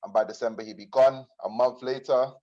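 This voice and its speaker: A man recounting a story in a relaxed football podcast chat, with many "you know" fillers. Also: medium pitch, fairly quick, muffled recording. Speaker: podcast co-host.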